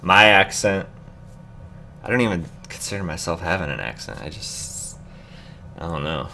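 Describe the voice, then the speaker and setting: A man's voice: sits low, expressive, moderate pace, creaky, pushed and bright, a little hiss or hum. A man with a Midwestern American accent, chatting casually as a YouTuber in an easygoing, rambling way with many fillers. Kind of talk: casual vlog chat.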